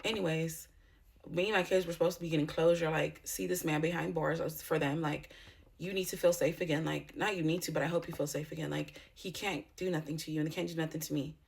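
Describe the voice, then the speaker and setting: Creaky-voiced woman telling a blunt story. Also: low voice, steady tone, fast talker. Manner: blunt and profane, heated storytelling. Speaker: YouTuber. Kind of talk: storytime vlog, casual retelling.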